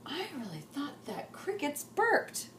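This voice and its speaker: A woman voicing a loud, proud little girl, shouting and dramatic in a storybook reading. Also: sits high, wildly swooping pitch, slow, a little hiss or hum, pitched above the performer's own voice, heavily acted. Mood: wondering. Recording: roomy echo.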